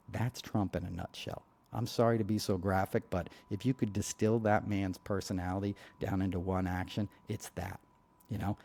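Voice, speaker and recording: A podcast host speaks in a fairly low, mellow voice. He talks bluntly and heatedly, rambling through asides and filling gaps with "you know." The delivery is loose and conversational, like a monologue to regular listeners. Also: gravelly. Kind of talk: casual political monologue.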